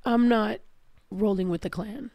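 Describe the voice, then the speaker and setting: A woman's voice: mid-range voice, fairly even intonation, a little slow, dark tone, no room sound. A woman hosting a podcast, ranting in casual, profane chat. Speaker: podcast host.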